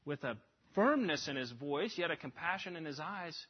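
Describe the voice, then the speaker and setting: A man delivers a sermon with earnest emphasis, his voice sitting a little high and carrying a husky edge. He lifts into urgent passages and then drops to a hush. The recording sounds dull and lo-fi. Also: lively intonation, moderate pace. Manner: earnest, emphatic, with sudden rises and hushed drops. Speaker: preacher.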